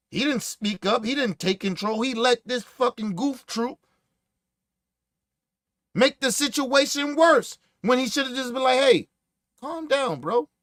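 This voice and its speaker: A man hosting a podcast, telling stories in casual, profane, animated commentary and acting out what others said. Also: very high-pitched, no echo, studio quality. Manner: profane, animated storytelling with acted-out quotes. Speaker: podcast host.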